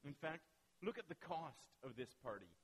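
A man's voice: a little high, very animated, moderate pace, husky, poor audio. A man preaching voices an indignant elder brother protesting bitterly to his father. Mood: resentful. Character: resentful, indignant older brother.

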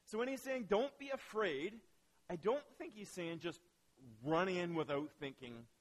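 A man preaching a sermon as pastor, telling stories with lively asides and acting out quoted voices. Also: high-pitched, a little slow, low-quality recording.

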